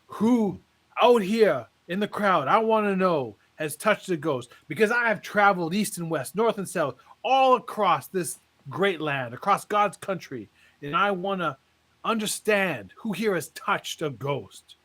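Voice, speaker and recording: A man's voice: high-pitched, expressive, a bit bright. A man playing a pompous revival preacher. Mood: solemn build-up. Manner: pompous preaching cadence with drawn-out pauses. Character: booming male tent-revival preacher, showy and fervent.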